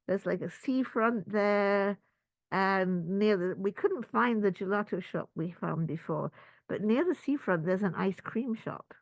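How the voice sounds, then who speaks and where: A woman's voice: medium pitch, no echo, rough recording. A woman spiritual teacher giving a talk to a group, telling stories and acting out little asides. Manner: storytelling with lively acted-out asides.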